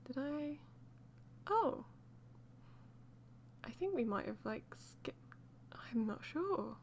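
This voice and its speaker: A woman's voice: high-pitched, sing-song, slow, darkish tone, a little hiss or hum. A woman chatting loosely as she voices over a game build, rambling with many fillers and light laughs. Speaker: let's play host.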